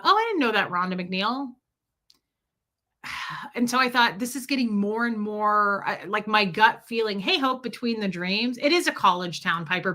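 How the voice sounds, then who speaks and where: A woman talks casually on a live stream, telling a personal story in a candid, rambling way. She keeps breaking off to greet viewers by name. Her voice is bright and forceful, sitting in a middle pitch. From lives in Tennessee. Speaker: live-stream host reading viewer chat.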